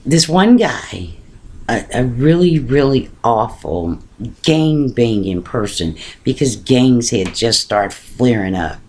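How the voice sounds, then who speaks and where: Slow, halting woman telling a story. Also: rumbling low. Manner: halting, repeats words while searching for them. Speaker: vlogger. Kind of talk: casual personal storytelling.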